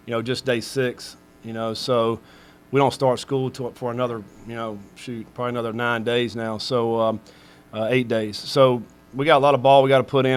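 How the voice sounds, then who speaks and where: A man's voice: mid-range voice, clean tone. A middle-aged man, a head football coach, answering questions at a press conference in a rambling way full of fillers.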